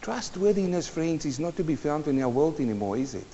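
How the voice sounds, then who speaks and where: A man preaching with a fairly high, lively voice, firing questions at his listeners and answering them himself. His voice rings out with a long reverb, and the recording sounds muffled and dull. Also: fairly quick, a little hiss or hum. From New Zealand. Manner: animated, emphatic, asks the audience questions. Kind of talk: sermon.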